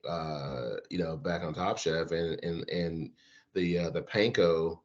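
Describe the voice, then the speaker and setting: Deep-voiced man, loose rambling chef talk. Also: slow pace, muffled recording. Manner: rambling, many restarts and fillers. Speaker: guest chef, former competitor. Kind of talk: casual podcast chat.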